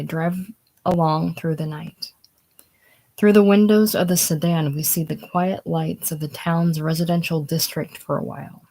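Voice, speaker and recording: Low-voiced woman reading stage directions. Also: gravelly, a little mellow, rough recording. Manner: reads stage directions plainly. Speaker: reader. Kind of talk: casual screenplay reading.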